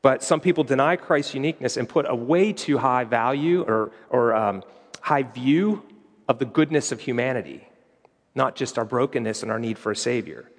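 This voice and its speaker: Brief: male pastor, mid-pitched, casual teaching sermon, long hall reverb. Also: expressive, moderate pace. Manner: conversational teaching with quoted scripture.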